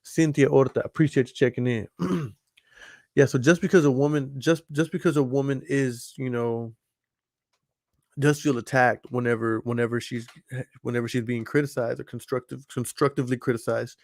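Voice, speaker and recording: A man's voice: mid-range voice, steady tone, moderate pace, darkish tone, no room sound, studio quality. A man hosts a podcast in casual chat, rambling and swearing a lot and often asking whether you follow him. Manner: profane, rambling, keeps asking "you know what I'm saying". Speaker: podcast host.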